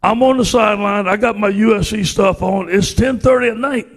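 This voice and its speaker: A middle-aged man with a Cajun accent from Louisiana, a football coach telling folksy, animated anecdotes to a club audience. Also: high-pitched, a little fast, creaky, long reverb tail. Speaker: guest speaker, football coach. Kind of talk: storytelling speech to a club audience.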